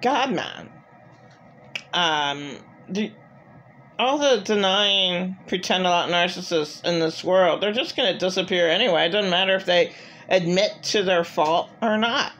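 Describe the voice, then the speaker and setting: A woman's voice: lowish voice, unhurried, a bit bright, slight background noise. A middle-aged woman talking in an agitated, rambling personal monologue full of filler words. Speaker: vlogger.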